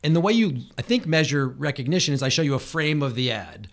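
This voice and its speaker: A man's voice: fairly high pitch, sing-song, quick pace, gravelly. A man co-hosting a casual conversation, emphatic and opinionated.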